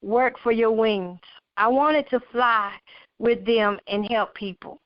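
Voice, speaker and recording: A woman's voice: a little high, takes it slowly, no echo. A woman reading the lines of a weak, coughing teenage girl who is dying and speaks serenely to reassure her parents. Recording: dull lo-fi recording.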